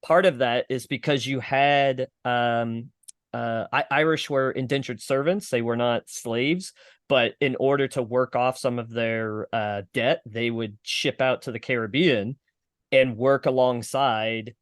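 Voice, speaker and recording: A man's voice: medium pitch, steady tone, a little slow, no echo, studio quality. A young man, a stand-up comedian, chatting casually as a podcast guest, swearing freely and rambling through his explanations.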